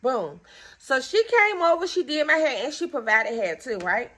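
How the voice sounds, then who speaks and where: Speaking at a normal speed in a high voice, a young woman shares a story time with her viewers. Her tone is casual yet indignant and exasperated, and she animatedly plays both parts in each conversation.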